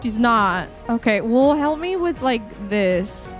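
A woman's voice: a little high, animated, takes it slowly, soft background music. A young woman casually commentating her live stream of a life-simulation game, chatty and scattered, talking to herself with lots of fillers.

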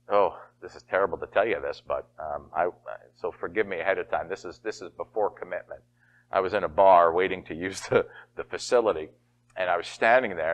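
A middle-aged man preaching a sermon as pastor, telling stories with laughter and lively emphasis. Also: on the low side. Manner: animated, laughing storyteller.

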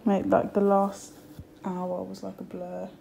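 A woman's voice: mid-range voice, completely flat delivery, measured pace, vocal fry, warm tone, rough recording. A young woman from the UK, tired and out of breath, chatting casually to a phone camera in a hospital room. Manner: tired, chatty, bursts of laughter. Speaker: vlogger, new mother. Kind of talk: casual vlog chat. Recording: background hiss, room noise.

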